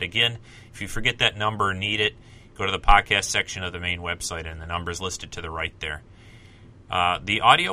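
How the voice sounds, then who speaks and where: Podcast guy chatting solo, rambly, kinda low voice but really bright tone. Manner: rambling, self-correcting, friendly asides. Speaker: podcast host. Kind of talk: casual solo podcast chat.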